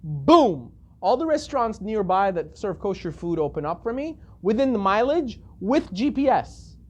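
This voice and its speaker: A male rabbi giving a storytelling lecture, animated and acting out the characters as he goes. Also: high voice, moderate pace.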